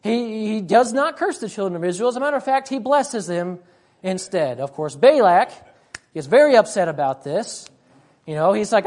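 A woman's voice: medium pitch, lively intonation, moderate pace, darkish tone. A woman preacher delivering a sermon, emphatic, repeating her points and often urging "listen".

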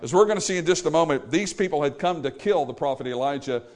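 Male pastor, animated sermon delivery, voice sits a bit high. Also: fast talker. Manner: emphatic, animated, paraphrasing scripture with acted quotes.

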